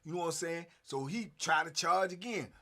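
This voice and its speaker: A man in his fifties with a high-pitched voice tells a story in a loose, casual way. He is animated, punching in sound effects and leaning on fillers as he goes. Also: a little fast. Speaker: host.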